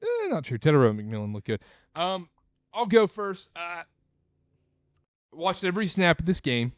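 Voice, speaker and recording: Emphatic man, lively pitch, dry sound. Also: normal speed, no echo. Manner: emphatic, repeats himself. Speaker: podcast host. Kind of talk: casual sports chat.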